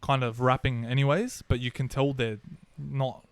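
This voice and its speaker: A man's voice: medium pitch, flat delivery, moderate pace, clean tone, dry recording. A young man co-hosting a podcast, chatting in an easygoing way with lots of fillers. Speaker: podcast co-host. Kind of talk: casual chat.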